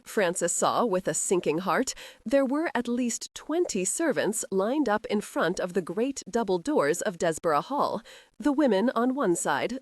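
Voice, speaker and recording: Brief: woman narrator, expressive scripted reading, dry studio sound. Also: mid-range voice, no echo. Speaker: audiobook narrator.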